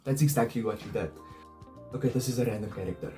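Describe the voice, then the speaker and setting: Low-voiced man with a thick South African accent. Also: dark tone, echoey room, faint music behind. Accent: thick Afrikaans-tinged South African. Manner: playful, deliberately mangling words. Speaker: vlogger reading a novel aloud. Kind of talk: comedic mock reading in an exaggerated accent.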